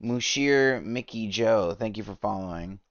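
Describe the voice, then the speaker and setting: A man's voice: lowish voice, measured pace, dry recording. A man streaming while playing a game, ranting in an exasperated, rambling way, with lots of restarts, as casual live reaction commentary, on a slightly dull lo-fi mic.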